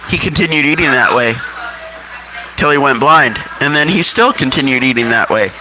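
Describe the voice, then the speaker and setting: A man telling crude, mocking comic stories in an animated way. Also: mid-range voice, normal speed, music in the background, poor audio. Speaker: storyteller. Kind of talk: comic storytelling.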